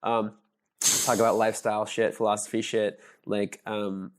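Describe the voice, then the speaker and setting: A man's voice: fairly low pitch, little pitch movement, normal speed. A young man guest on a casual podcast, telling stories in a rambling, hesitant way and laughing often.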